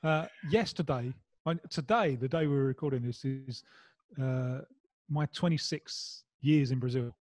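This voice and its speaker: A man's voice: medium pitch, measured pace, darkish tone, no room sound. A man with a Mancunian accent, a guest in a casual football chat, rambling with restarts and wry humour. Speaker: guest pundit. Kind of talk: casual discussion.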